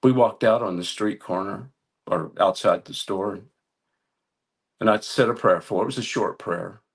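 Gravelly, husky-voiced preacher man. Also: on the low side. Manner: earnest, halting restarts building to emphatic appeals. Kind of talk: storytelling sermon.

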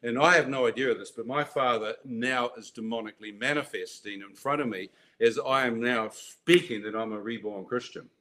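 A man telling his personal faith testimony in an animated way, acting out voices and laughing at his own story. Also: mid-range voice, a little fast, few pauses.

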